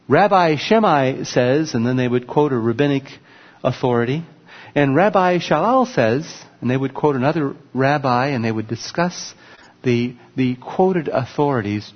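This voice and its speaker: A man preaching a sermon in a slightly high, husky voice, lifting his pitch sharply to stress key words. He teaches in an emphatic tone and points out details on a screen with a laser pointer. The recording is dull and muffled, with a long reverb from a large hall.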